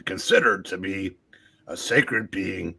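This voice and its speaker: A man reading comic captions aloud in a deadpan way, slipping in dry jokes. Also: sits low, takes it slowly, vocal fry, noisy background. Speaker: co-host.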